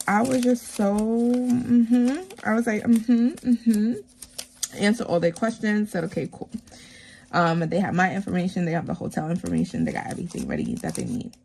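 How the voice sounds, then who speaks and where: A woman talks casually to her viewers while she counts bills into savings envelopes. She is a teacher, and she retells her week in a chatty, animated way. Her speech is full of "like" and "um" fillers. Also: on the low side, moderate pace, vocal fry, slight background noise. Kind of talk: casual chat while stuffing cash envelopes.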